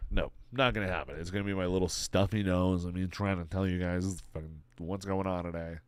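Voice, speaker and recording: A man's voice: deep voice, steady tone, fairly quick, clean tone, no echo. A young man from Texas with a stuffy nose, chatting casually on a livestream, rambling, swearing and laughing often. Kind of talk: casual stream chat.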